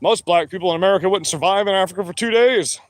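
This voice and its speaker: A man's voice: sits high, quick pace, no room sound. A man ranting alone to the camera in a combative, heavily profane monologue. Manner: profane, combative, heavy swearing. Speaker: vlogger. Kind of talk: angry monologue rant.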